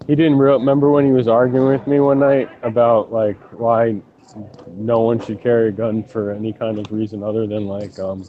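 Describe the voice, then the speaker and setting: A man's voice: on the low side, level tone, moderate pace, dull audio. A man in casual gaming voice chat, rambling and joking with plenty of swearing. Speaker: gaming lobby regular.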